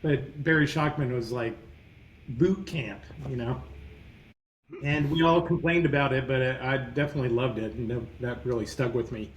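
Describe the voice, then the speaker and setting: Animated man in a roomy room. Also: medium pitch, normal speed, lo-fi sound, slight background noise. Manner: rambling, animated, self-correcting anecdotes. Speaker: guest entrepreneur. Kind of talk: conversational interview storytelling.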